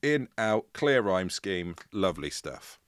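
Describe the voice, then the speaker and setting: Deep-voiced man telling a story. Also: takes it slowly, no echo, clean studio sound. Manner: playful, jokey, lively retelling. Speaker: podcast co-host and storyteller. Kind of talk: casual comedic storytelling chat.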